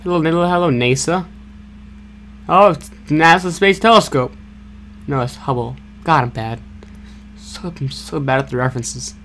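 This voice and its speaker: A young man hosting a gaming channel, giving excitable, jokey play-by-play commentary with stammered repeats and sudden yelps. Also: a little high, moderate pace, long pauses, a little hiss or hum. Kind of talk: casual gameplay commentary.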